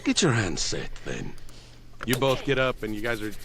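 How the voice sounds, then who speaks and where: A man's voice: on the low side, normal speed, background noise. A man narrating as game master of a tabletop game, laughing often and telling the action with lots of energy. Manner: laughing, animated storytelling.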